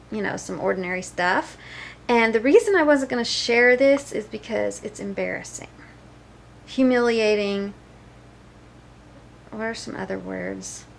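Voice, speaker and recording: A middle-aged woman chats to camera at an unhurried pace, sounding tired at the end of her day. Her voice sits a little high, and she rambles and giggles as she loses her thread. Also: gravelly, fairly bright tone, a little hiss or hum. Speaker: vlogger. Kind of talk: casual chat to camera.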